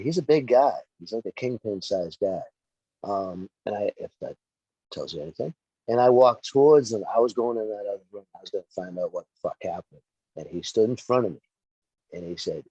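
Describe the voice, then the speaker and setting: A middle-aged man in casual podcast chat, telling a story with lively acted-out quotes and plenty of swearing. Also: on the low side, husky, no room sound, lo-fi sound. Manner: animated storyteller, acts out quotes, profane. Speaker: wrestling referee and podcast guest.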